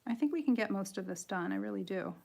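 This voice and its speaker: Hosting a live coloring tutorial, a Michigan woman with a slight nasal accent chats casually and giggles as she works. Her mid-range voice is expressive, fast, creaky and a little mellow, and her manner is chatty, self-deprecating and rambling.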